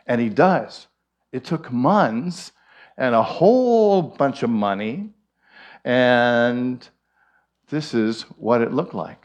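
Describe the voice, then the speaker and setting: A man's voice: mid-range voice, animated, slow, muffled recording. A man with an Irish accent giving a conversational storytelling sermon, folksy with frequent asides. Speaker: minister giving a talk.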